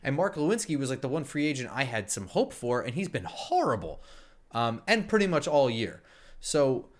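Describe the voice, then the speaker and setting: A man's voice: medium pitch, very animated, moderate pace. A man co-hosting a casual sports podcast, talking frankly and bluntly with a wry edge. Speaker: podcast co-host.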